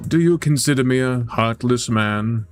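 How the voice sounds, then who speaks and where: A man voicing an ambitious, power-hungry male agent boss in a tabletop game, smooth, persuasive and commanding. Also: mid-range voice, normal speed, soft background music, close to an everyday voice.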